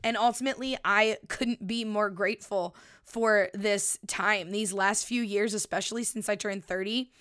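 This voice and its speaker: Bright, chatty woman in her thirties. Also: medium pitch, fairly even intonation, moderate pace, clear, resonant tone. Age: 30s. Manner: chatty, playful, swears casually. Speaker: podcast host. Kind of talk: casual solo podcast chat. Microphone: studio microphone.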